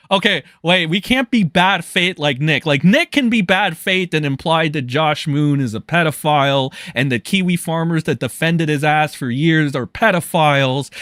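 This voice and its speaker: A man's voice: fairly high pitch, fairly bright tone, no echo, studio quality. A man doing profane live-stream commentary, mocking and crude, swearing and laughing often.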